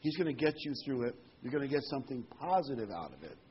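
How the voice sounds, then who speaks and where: A male pastor of middling pitch preaches, leaning hard on single words and slowing down on the key phrases. The recording sounds dull and lo-fi, with a faint hiss behind him. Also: very animated. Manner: emphatic, with sudden stresses and slowed key phrases. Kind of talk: sermon.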